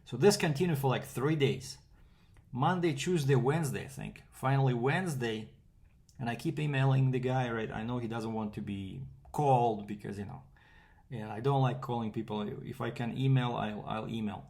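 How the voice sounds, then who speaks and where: A man's voice: medium pitch, normal speed, vocal fry, darkish tone. A man from Canada, a freight broker, telling a rambling casual story with fillers and quoted back-and-forth.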